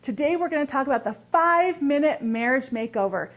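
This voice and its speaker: A middle-aged woman speaks in a fairly high, upbeat voice, giving marriage advice as a coach. She talks to camera in a bright, expressive teaching tone. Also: brisk. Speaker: marriage and body language coach. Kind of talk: direct-to-camera advice talk.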